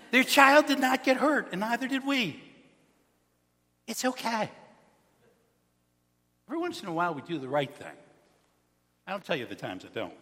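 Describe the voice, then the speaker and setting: A pastor preaching a sermon, telling stories in a chatty way and asking the congregation questions. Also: male voice, high voice, normal speed, long pauses, big-room sound. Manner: animated, conversational, asks the congregation questions. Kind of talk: sermon with storytelling.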